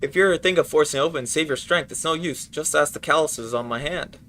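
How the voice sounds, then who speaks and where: A man's voice: fairly high pitch, brisk, fairly bright tone, a little hiss or hum, voice pushed up, lightly acted. A man reading a formal male explorer. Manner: formal, old-fashioned wording read aloud. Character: formal male explorer explaining a sealed gate. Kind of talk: reading game dialogue aloud.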